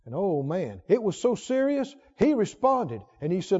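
Fervent high-voiced preacher in a reverberant hall. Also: male voice, very animated, normal speed, husky. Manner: fervent, emphatic, swings from loud to hushed. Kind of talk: sermon. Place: church sanctuary. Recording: lo-fi recording with long hall reverb.

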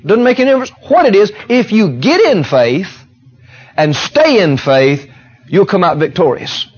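A man's voice: sits high, sing-song, normal speed, husky, dull audio. A man preaching a sermon, emphatic and repetitive, asking the congregation questions.

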